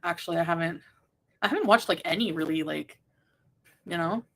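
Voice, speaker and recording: A woman's voice: fairly low pitch, brisk, a bit bright. A woman on a live stream chatting casually, rambling and reading chat messages aloud. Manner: rambling, reads chat aloud, laughs often.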